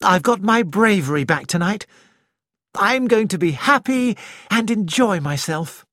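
A reader voicing a lively, restless young woman with a bright, breathless, gushing manner, in an audiobook. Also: mid-range voice, unhurried, no room sound, clean studio sound, voice pushed up. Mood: defiantly cheerful. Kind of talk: audiobook character voice.

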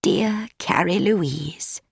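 Woman doing Miss Marple, a creaky old sleuth. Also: lowish voice, very slow, no echo, clean studio sound, full character voice. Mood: gentle probing. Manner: soft, hesitant, delicate. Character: elderly gentle female sleuth, shrewd. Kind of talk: audiobook character reading.

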